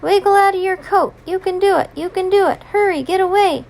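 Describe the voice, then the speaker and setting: Chirpy little storybook birds cheer in a high, bright voice, urgent and encouraging, as a mother puts them on while reading aloud. The voice is lifted well above her usual pitch. They sound eager and a touch louder. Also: a little fast, vocal fry, slight background noise.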